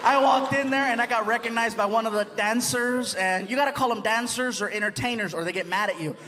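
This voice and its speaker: A male stand-up comedian telling stories with animated delivery, slipping into impressions. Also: extremely high pitch, fast. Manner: animated, switches into many impressions. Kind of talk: stand-up storytelling. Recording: live stand-up in a large hall with a laughing crowd.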